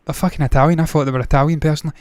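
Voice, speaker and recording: A man's voice: fairly high pitch, steady tone, racing, no room sound. Profane, rambling movie-news host, man. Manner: blunt, profane, rambling with tangents. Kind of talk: casual solo commentary.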